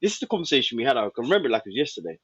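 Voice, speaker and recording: A man's voice: medium pitch, very animated, racing, fairly bright tone, breathy edge, dry recording, muffled recording. A man, a podcast guest telling a story and acting out old conversations.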